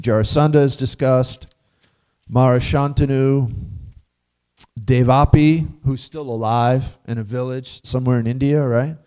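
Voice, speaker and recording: A man's voice: mid-range voice, dark tone, clear, resonant tone. A man giving a casual scripture class in a temple hall, chatty and laughing often as he quizzes his listeners.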